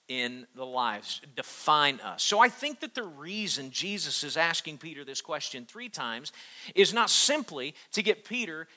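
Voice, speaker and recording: A man delivers a sermon in a high, strikingly bright voice. He builds to emphatic, fervent peaks, then drops to hushed, drawn-out lines. He restarts and repeats words as he preaches. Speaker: pastor.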